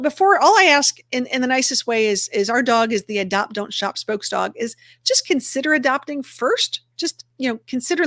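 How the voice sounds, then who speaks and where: Upbeat woman host, a touch high-pitched, casual and chatty, talking viewers through her screen. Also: a bit bright, no room sound, studio quality. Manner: chatty and upbeat, narrating her clicks aloud. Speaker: livestream host for a dog rescue community. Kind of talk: casual livestream chat while sharing her screen.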